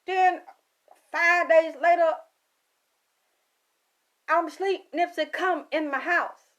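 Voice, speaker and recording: A woman's voice: very high voice, fairly even intonation, takes it slowly, pauses often, fairly bright tone, muffled recording. A woman psychic reader, telling a story in a casual monologue, cursing often and quoting herself and others. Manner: profane, emphatic, quotes herself and others.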